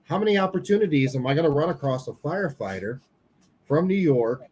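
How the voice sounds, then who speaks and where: A man's voice: on the high side, expressive, brisk, darkish tone, breathy edge, rough recording. A man co-hosting a paranormal podcast, telling a story in casual chat and quoting people as he goes, swearing now and then. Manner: candid, swears casually, retells dialogue.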